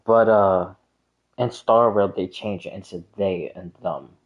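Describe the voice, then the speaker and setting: This low-pitched man talks at a measured pace over dull audio. As a gaming lore commentator, he casually explains a theory in a monologue that rambles and hesitates, with lots of filler words and restarts.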